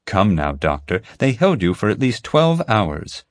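A man voicing a stern, commanding woman FBI agent in an audiobook, brisk and insistent. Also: lowish voice, big pitch swings, no echo, clean studio sound. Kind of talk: audiobook character voice.

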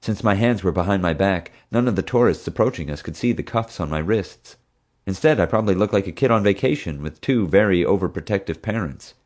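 A man reading an audiobook in steady, even first-person narration. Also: low-pitched, brisk.

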